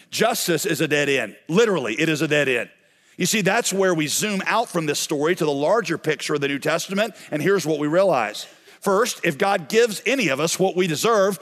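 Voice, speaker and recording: Male pastor, high pitch, lively storytelling sermon, long hall reverb. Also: a little fast. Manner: animated storytelling, acting out characters.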